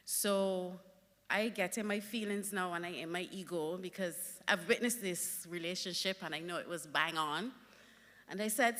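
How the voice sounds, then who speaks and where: A woman giving a conference talk, telling lively stories with emphatic punch. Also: fairly low pitch, normal speed, long reverb tail. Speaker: conference speaker.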